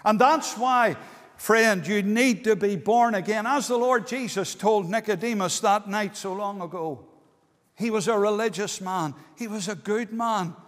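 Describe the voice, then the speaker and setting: A man's voice: sits high, unhurried, a bit bright. A man preaching an earnest, pleading evangelistic sermon in a meeting hall, dwelling on key words. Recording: long hall reverb.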